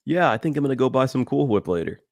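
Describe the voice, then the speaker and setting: A man co-hosting a podcast in casual chat, reading ingredient labels aloud with halting fillers. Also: mid-range voice, animated, creaky, darkish tone, no room sound, studio quality. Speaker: podcast co-host.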